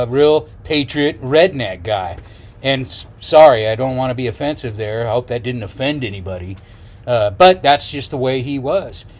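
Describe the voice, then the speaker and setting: चहकता हुआ, बातूनी अधेड़ उम्र का आदमी. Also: male voice, a little high. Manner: rambling, chatty, many fillers and restarts. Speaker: travel vlogger. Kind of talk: casual chat to camera. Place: outdoors on the road.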